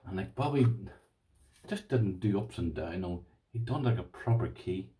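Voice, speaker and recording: A deep-voiced Irish man with a warm, mellow tone chats on his vlog, gushing over and over and calling his viewers "boys". His voice sits a little back from the mic, so it sounds somewhat distant. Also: animated, moderate pace. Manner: gushing, repeats himself, addresses viewers as "boys". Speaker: lockpicking vlogger. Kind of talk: casual excited unboxing chat.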